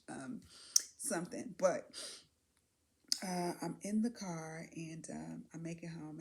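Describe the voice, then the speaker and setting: A woman vlogging, talking through a personal experience in a candid, musing way, often trailing off with fillers and soft laughs. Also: lowish voice, gravelly. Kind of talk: reflective personal vlog.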